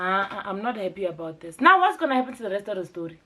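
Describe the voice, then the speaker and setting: A woman's voice: mid-range voice, sing-song, fast talker, hardly any pauses, a bit bright. A South African woman hosting a casual, chatty TV recap vlog, mixing local words into her commentary. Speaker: TV review vlogger.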